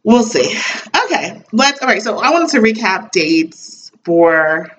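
A woman's voice: mid-range voice, lively intonation, slow pace. A woman hosting a podcast, talking casually and chattily, laughing often and using many fillers. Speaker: podcast host. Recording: dull distant recording with faint hiss.

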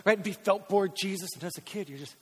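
High-voiced man preaching in a reverberant church. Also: fast, fairly bright tone, husky. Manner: conversational, joking asides and acted-out dialogue. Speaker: pastor. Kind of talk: sermon. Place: church sanctuary.

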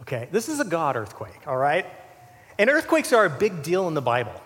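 A man preaching a sermon as pastor, animated and conversational, full of asides and "you know.". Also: fairly high pitch, a little fast, in a large hall.

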